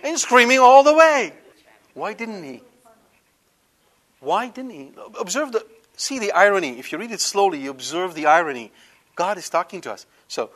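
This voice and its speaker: A man teaching a Catholic Bible lesson in an animated way, full of rhetorical questions. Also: high-pitched, moderate pace, pauses often. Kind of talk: Bible study lecture.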